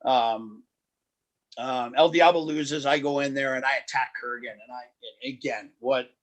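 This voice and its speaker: A man guest on a podcast, telling road stories in a lively, animated way, often restarting his sentences. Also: mid-range voice, moderate pace. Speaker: wrestling promoter and guest. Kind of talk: casual podcast storytelling.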